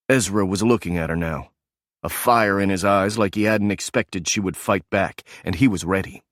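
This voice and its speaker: Low-voiced male audiobook narrator. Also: moderate pace, dry recording, studio quality.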